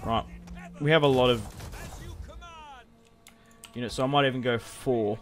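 A man's voice: medium pitch, steady tone, unhurried, long pauses. A young man giving casual, rambling commentary over a strategy game, restarting sentences and swearing freely. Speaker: gaming video host.

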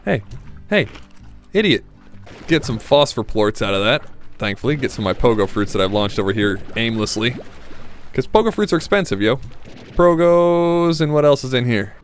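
A man giving casual, self-mocking commentary while playing a video game, reacting excitedly to each new find. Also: mid-range voice, normal speed, long pauses, soft background music. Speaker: gaming video host.

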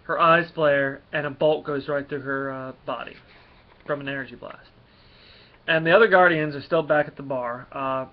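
A man's voice: a little high, steady tone. Rambling man with a dull lo-fi sound. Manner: rambling, halting, frequent fillers. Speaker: comic book reviewer. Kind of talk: casual spoken comic review.

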